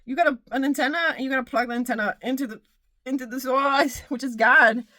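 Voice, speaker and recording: A woman with a fairly high, bright voice gives an upbeat spiritual pep talk. She laughs often, breaks into squeals and runs her phrases together in rhythmic, repeating lists. The sound is close and dry. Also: fast talker, no room sound. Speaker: spiritual channel and motivational speaker.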